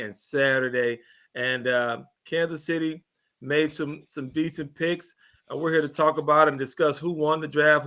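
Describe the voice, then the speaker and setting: Man, missouri accent, sports talk host, teasing, bright voice, slightly high. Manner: joking, teasing.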